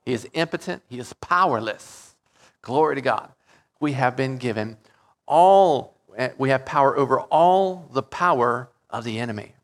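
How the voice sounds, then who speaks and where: A man preaching a Bible-teaching sermon, stressing key words with loud drawn-out peaks and checking in with "okay?" and "right?". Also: mid-range voice. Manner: explains Greek word meanings, frequent "okay?" and "right?".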